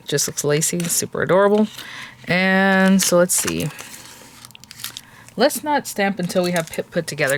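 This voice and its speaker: A woman's voice: lowish voice, slight background noise. A woman hosting a crafting tutorial, chatting casually to viewers as she works and often exclaiming how cute things are. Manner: chatty, gushing, talks to viewers while working. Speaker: craft video host.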